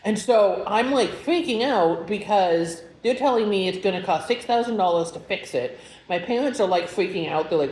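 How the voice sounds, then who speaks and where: A woman's voice: lowish voice, normal speed. A young woman telling a personal story in a casual vlog, rambling and emotional, with many filler words. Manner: chatty, rambling, full of "like" fillers; emotional, animated retelling. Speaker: vlogger. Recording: roomy echo with faint background hum.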